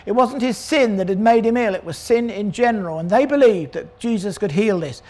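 An older man preaching a sermon, animated, acting out the voices of people in the story. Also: high voice, a little fast. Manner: animated, acts out voices of crowd and characters.

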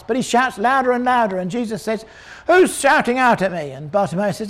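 An older man preaching a sermon, animated, acting out the voices of people in the story. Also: high voice, fast, hardly any pauses. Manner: animated, acts out voices of crowd and characters.

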